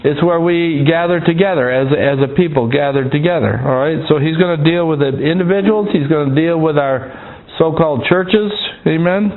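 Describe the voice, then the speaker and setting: A man with a somewhat high voice leads a Bible-study sermon. He stops and restarts often and keeps checking in with "Amen?". The sound is narrow and tinny, like a phone line. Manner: halting, repeats words, calls "Amen?" to the congregation. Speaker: preacher.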